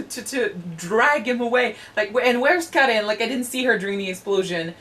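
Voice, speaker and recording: A woman hosting an anime reaction chat, animated, swearing freely and restarting her sentences. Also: on the high side, moderate pace, rough recording.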